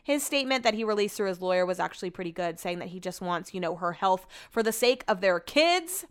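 A woman's voice: medium pitch, lively intonation, a little fast, clean tone. A young adult woman hosting a podcast in casual chat, rambling and chatty, saying like a lot and swearing offhand.

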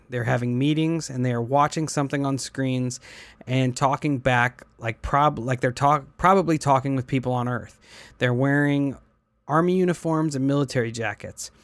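Brief: male podcast host, reads posts in an even voice, dead-dry studio sound. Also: medium pitch, no room sound. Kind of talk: reading aloud and casual chat.

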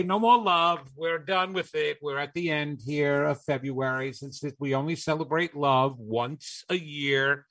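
A man's voice: fairly high pitch, a bit bright. A man hosting a live call-in radio show, chatting in a rambling, self-amused way.

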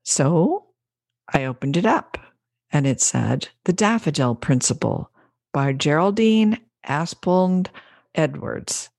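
A woman podcast host and business coach reading an essay aloud in a measured, storytelling way. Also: on the low side, lively intonation, darkish tone, no room sound, clean studio sound.

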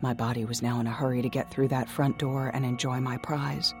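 A man's voice: medium pitch, little pitch movement, a little fast, music in the background. A man reading a first-person story aloud in a dramatic, intense way, sometimes dropping to a whisper. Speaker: narrator. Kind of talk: first-person audiobook narration.

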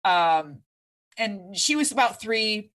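A woman's voice: medium pitch, animated, fairly bright tone. A woman in her thirties from Michigan, a fitness coach telling her own story as a podcast guest in an earnest, emphatic way. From Michigan, USA. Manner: earnest, emphatic, speeds up and slows down. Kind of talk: candid podcast interview storytelling.

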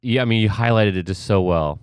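Deep, smooth-voiced reflective man. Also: fairly quick, no room sound. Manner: reflective, with many fillers like "um" and "like". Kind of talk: casual interview conversation.

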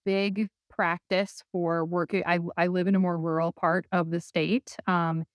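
A woman's voice: fairly low pitch, flat delivery, a little slow, no echo. A friendly woman doctor speaks with a light Minnesotan accent. She chats easily as a podcast guest. Her voice sits in a dry, close recording. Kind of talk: casual podcast interview.

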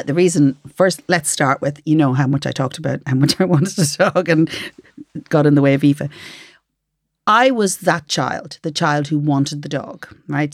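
A woman's voice: deep voice, dry recording. Chatty Irish woman, dry close mic. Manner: chatty, laughing, reads listener letters aloud. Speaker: podcast co-host. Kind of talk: casual chat.

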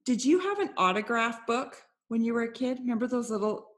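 A woman's voice: fairly high pitch, lively intonation. Chatty, upbeat woman podcast host. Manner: upbeat, chatty, quick to laugh. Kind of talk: casual podcast chat.

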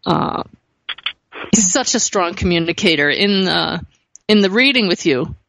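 A woman's voice: lowish voice, lively intonation, unhurried, gravelly, fairly bright tone, slight background noise, poor audio. A woman hosting an interview, enthusiastic and speaking straight to her listeners. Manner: enthusiastic, addresses listeners directly. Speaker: podcast host. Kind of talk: conversational interview.

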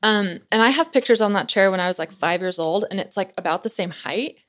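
A young woman chats loosely with a podcast host, her sentences strung together with frequent "like"s. She sounds casual and talkative, with a middle-range pitch, and tells her story as it comes. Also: brisk. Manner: chatty, peppers speech with "like". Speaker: podcast guest.

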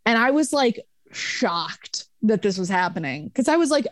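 Woman, young adult, podcast guest, profane and animated storyteller, dry close sound. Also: mid-range voice, normal speed, dry recording. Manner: profane, animated, acts out quotes. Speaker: podcast guest, former bar manager. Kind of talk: casual storytelling.

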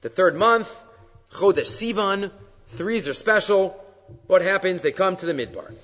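A male rabbi teaching a weekly Torah class lectures on the sources, reading verses, translating them and asking his listeners rhetorical questions. His voice is high and fairly bright, with lively intonation and an unhurried pace. The recording is dull and lo-fi with long reverb.

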